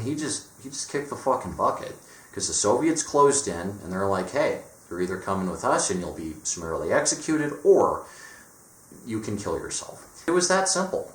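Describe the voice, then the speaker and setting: A young man in a casual, profane monologue, blunt and mocking, often slipping into sarcastic quoted voices. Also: fairly low pitch. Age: young adult. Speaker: vlogger. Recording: echoey room.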